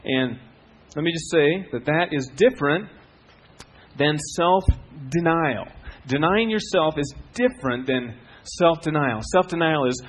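A middle-aged man preaching a sermon as a pastor, telling stories with swings from hushed to loud. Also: on the high side, animated, a little slow.

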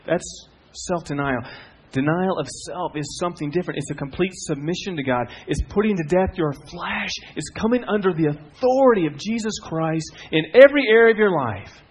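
A middle-aged man preaching a sermon as a pastor, telling stories with swings from hushed to loud. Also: high voice, expressive, moderate pace, hardly any pauses, husky.

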